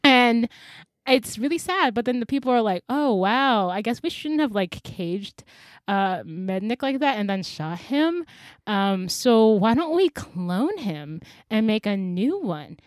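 Animated woman retelling a story. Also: a little high, a little slow, no room sound. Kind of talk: casual book chat.

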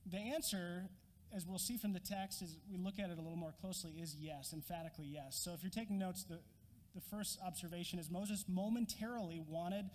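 A man preaching a sermon, an animated storyteller who acts out scenes with a prop. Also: high-pitched, big-room sound. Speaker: pastor.

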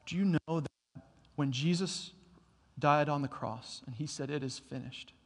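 A man delivers a sermon in a church hall, his voice a touch higher than most men's. He tells stories with rising energy, then slows to quiet, deliberate emphasis. A long reverb trails every word. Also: slightly rough. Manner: storytelling, builds to loud excited bursts then drops quiet. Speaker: pastor.

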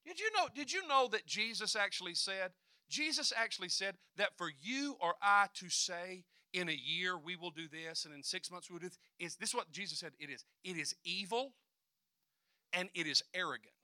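A man preaching a sermon, swinging from quiet asides to loud declarations and acting out voices. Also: sits high, animated, moderate pace, dry recording, studio quality.

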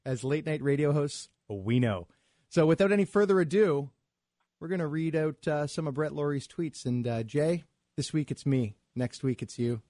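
A man's voice: a little high, normal speed, warm tone, no room sound, studio quality. A man hosting a late-night radio show, joking and laughing often as he chats. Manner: jokey, laughs often, reads out tweets. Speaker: radio host.

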